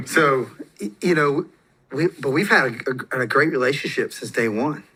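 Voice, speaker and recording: A man's voice: on the high side, animated, brisk, sharp tone, slightly rough. A man telling personal stories as a podcast guest in a casual, rambling way, with fillers and restarts. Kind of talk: casual storytelling.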